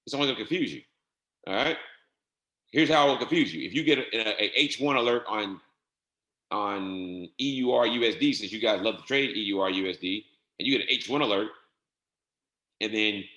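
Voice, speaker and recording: A man's voice: fairly low pitch, animated, brisk, pauses often, sharp tone, echoey room. Man giving a casual trading tutorial. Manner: casual, repetitive step-by-step instructions. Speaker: trading instructor. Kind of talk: screen-share software tutorial.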